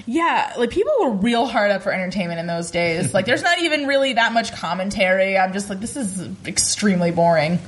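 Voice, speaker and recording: A woman's voice: medium pitch, very animated, a little fast, few pauses. A woman co-hosting a podcast, chatting casually and sarcastically while recapping a show. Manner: sarcastic, opinionated, playful. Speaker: podcast co-host.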